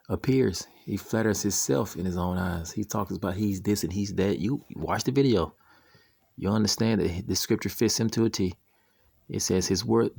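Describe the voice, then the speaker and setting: Low gravelly man reading scripture. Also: darkish tone, no echo. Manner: slow deliberate reading, keeps asking "you see?". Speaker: preacher commenting on a video.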